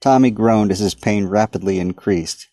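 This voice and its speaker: A man reading his own dark story aloud in a measured audiobook narration. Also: lowish voice, dry recording. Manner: steady, measured dramatic reading.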